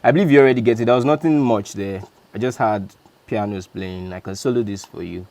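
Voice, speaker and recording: This producer has a fairly low voice and talks fairly quickly. In a relaxed beat breakdown, he chats loosely about his process and keeps correcting himself.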